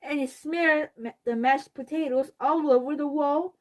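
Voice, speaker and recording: A woman's voice: sits high, unhurried, voice pushed up. A woman reading a storybook aloud, voicing a stubborn, indignant older boy with emphatic, raised delivery. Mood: teasing.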